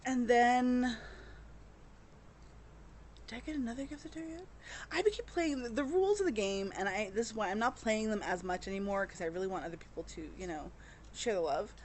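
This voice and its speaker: A woman's voice: fairly high pitch, fairly quick, darkish tone, slight background noise. A woman chatting casually to camera as a cross-stitch vlogger, rambling with many fillers and restarts and openly emotional.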